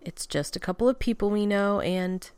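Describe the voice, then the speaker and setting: A woman reading fan fiction aloud, voicing a relaxed, pleasant man who stays unbothered. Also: mid-range voice, normal speed, clear, resonant tone, dry recording, natural voice. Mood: calm. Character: calm, easygoing man, teasing groom.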